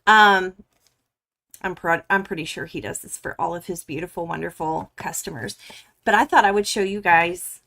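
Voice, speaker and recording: A woman hosting a quilting livestream from her home studio, gushing and chatting excitedly with viewers as she unboxes fabric. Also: on the low side, normal speed, gravelly. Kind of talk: casual live stream chat.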